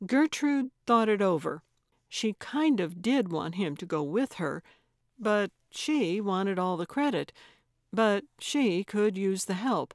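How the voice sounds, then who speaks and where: A woman narrating a cozy mystery audiobook in a measured, unhurried storytelling manner. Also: fairly low pitch, expressive, dry recording, clean studio sound. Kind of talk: scripted narration.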